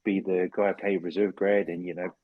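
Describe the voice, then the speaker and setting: A man's voice: low voice, level tone, normal speed, dry recording, narrow, tinny audio. A man in his forties from New Zealand, a former rugby league player, talking as a podcast guest in a laid-back, rambling way with lots of fillers. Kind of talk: casual interview chat. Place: podcast studio.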